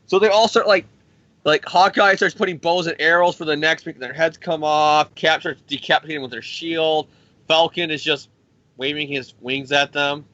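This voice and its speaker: Man, comics podcast host, sarcastic, swears a lot, stammers, bright tense voice, dull lo-fi sound. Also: on the high side, steady tone, normal speed, dry recording. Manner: profane, sarcastic storytelling with stammered restarts. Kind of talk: casual comic recap with put-on voices.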